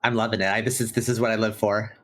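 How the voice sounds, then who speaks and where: A man's voice: fairly low pitch, level tone, very fast, a bit bright. A man from Orlando calling a card game live in an upbeat, methodical play-by-play, fighting off a cough. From Orlando, Florida, USA. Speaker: tournament commentator. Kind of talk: casual live game commentary.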